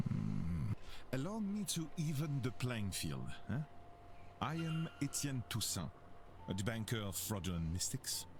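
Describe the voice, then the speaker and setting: A man voicing a poised French male academic who debunks fraudulent mystics, in a put-on French accent with formal, measured delivery. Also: fairly low pitch, background noise, voice pushed down. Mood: guarded.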